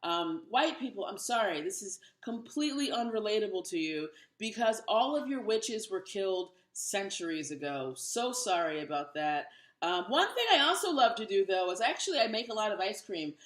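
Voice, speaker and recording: A woman's voice: mid-range voice, lively intonation, normal speed, few pauses, fairly bright tone. Self-mocking woman in her thirties, roomy. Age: 30s. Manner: wry, self-mocking delivery. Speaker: stand-up comedian. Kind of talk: stand-up comedy set.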